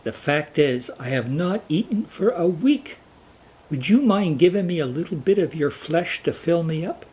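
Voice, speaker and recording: A man voicing a starving, proud male lion king who begs in a high, whiny voice for a cartoon folktale. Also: lively intonation, moderate pace, darkish tone, lightly acted, low-quality recording. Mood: weary.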